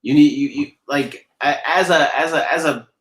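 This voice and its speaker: Playful dad reading a picture book. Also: male voice, a little high, fairly bright tone, roomy sound. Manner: playful, quick, laughing rants. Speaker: podcast co-host and father. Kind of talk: reading a picture book aloud, then casual chat.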